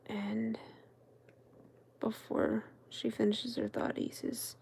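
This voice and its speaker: Slow, gravelly whispering woman. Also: on the high side, flat delivery. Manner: soft, meandering, chatty whisper. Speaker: crafting channel host. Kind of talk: whispered storytelling while crafting.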